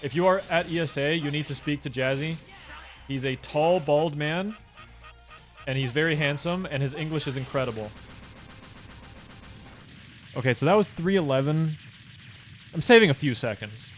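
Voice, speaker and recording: A man's voice: fairly high pitch, normal speed, long pauses, faint music behind. A young man chatting casually with his stream chat while speedrunning a game, loose, profane and talkative. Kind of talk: live gaming stream chat.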